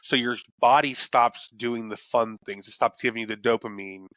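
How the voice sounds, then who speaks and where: A man's voice: mid-range voice, steady tone, moderate pace, a bit bright, no room sound. A young adult man co-hosting a podcast, talking in a loose, rambling way, cursing freely and restarting his sentences. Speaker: podcast co-host. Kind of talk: casual chat.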